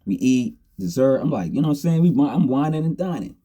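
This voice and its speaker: A middle-aged man spins a story in a relaxed, slangy way, often laughing between lines. His voice is mellow and dark, with a husky edge. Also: medium pitch, quick pace. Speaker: storyteller host. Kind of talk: casual storytelling.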